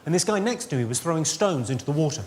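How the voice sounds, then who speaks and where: High-voiced deadpan male stand-up comedian. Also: fast talker. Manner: crude deadpan one-liners with crowd work. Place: large theatre stage. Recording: loud audience noise at a live show. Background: audience laughter.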